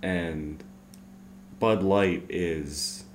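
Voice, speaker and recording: A man's voice: sits low, steady tone, extremely slow, a little hiss or hum. A man co-hosting a casual podcast, quipping short one-liners. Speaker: podcast co-host. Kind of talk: casual chat.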